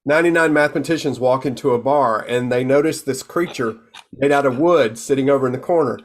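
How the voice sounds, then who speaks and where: A man's voice: mid-range voice, fairly quick. Casual man telling pun jokes. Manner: casual, easygoing delivery. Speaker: improv performer.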